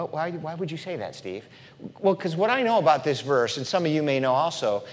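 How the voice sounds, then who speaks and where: A man giving an animated, emphatic sermon, teaching about the Bible. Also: medium pitch, big-room sound. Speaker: preacher.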